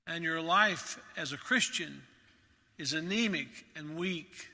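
Bright-voiced preaching pastor in a reverberant church. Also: male voice, a little high, takes it slowly. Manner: earnest preaching with emphatic repetition. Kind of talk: sermon. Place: church sanctuary.

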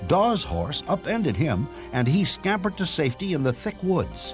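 Male narrator for a cartoon history story, measured, expressive, clear music underneath. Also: on the high side.

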